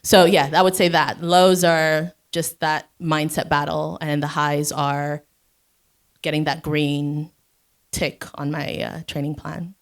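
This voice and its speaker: A woman's voice: low-pitched, level tone, slow pace. A woman speaking as a guest on a live panel, chatty and self-mocking, laughing often.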